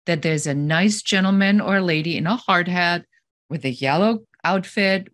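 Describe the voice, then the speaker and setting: A woman guest on a podcast, an animated storyteller who acts out little scenes while giving business advice. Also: medium pitch, dry recording, clean studio sound. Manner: animated storyteller, acting out scenarios. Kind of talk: conversational interview.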